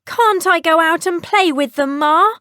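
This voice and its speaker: A woman voicing a tiny, thumb-sized boy who shouts and whines. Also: unhurried, dry recording, studio quality, full character voice. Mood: pleading. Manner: shrill, shouting and whiny.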